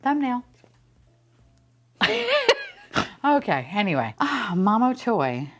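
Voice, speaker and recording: A woman's voice: medium pitch, very animated, takes it slowly, soft background music. A woman hosting a casual toy unboxing vlog, gushing over each toy, squealing and swearing often. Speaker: unboxing vlogger.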